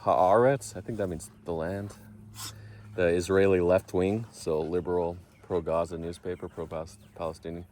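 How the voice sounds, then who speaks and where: Low-voiced man rambling in a casual vlog. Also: steady tone, normal speed, darkish tone, slight background noise. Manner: rambling, self-correcting, thinking aloud. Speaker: vlogger.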